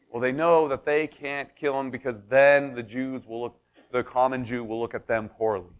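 A man's voice: fairly even intonation, moderate pace, clean tone. A man preaching a sermon as pastor, telling the story in a conversational way with everyday examples and building intensity. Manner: storytelling, builds to impassioned pitch.

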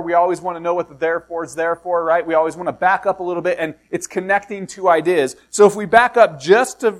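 Middle-aged male pastor, high voice, chatty sermon delivery with rhetorical questions. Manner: reads scripture slowly and low, then preaches conversationally with rhetorical questions; self-deprecating asides.

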